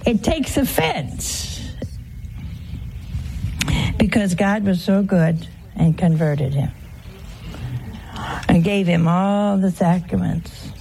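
A woman's voice: lowish voice, slow, long pauses, warm tone, a little hiss or hum, poor audio. A woman giving a homely, conversational sermon, teasing her listeners with rhetorical questions. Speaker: religious teacher.

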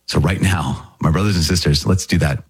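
Husky, low-voiced priest preaching casually. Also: male voice, fairly quick. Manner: energetic, conversational, jumps into pitched-up quoted voices. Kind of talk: podcast homily.

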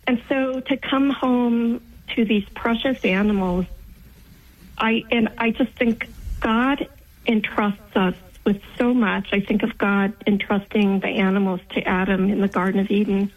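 A woman's voice: medium pitch, steady tone, measured pace. A woman in her fifties calling in to a radio show, speaking earnestly and from the heart. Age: 50s. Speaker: caller. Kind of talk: call-in radio chat. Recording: breathy voice over a phone line.

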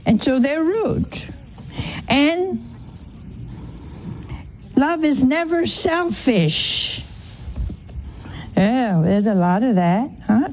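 A woman's voice: sits high, animated, drawn-out words, pauses often, darkish tone, a little hiss or hum. A woman giving an informal sermon, teasing her listeners with rhetorical questions and humorous anecdotes. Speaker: religious teacher.

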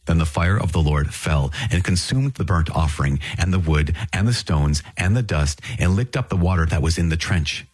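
A man reading scripture aloud in a measured, solemn way. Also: deep voice, darkish tone, slightly rough, no echo. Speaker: scripture reader.

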